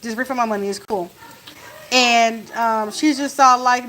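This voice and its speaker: A woman in a casual storytime chat, retelling events in an animated way and acting out what was said, while cooking in her home kitchen. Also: fairly high pitch, a little slow, poor audio. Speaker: family vlogger. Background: faint sizzle of frying food.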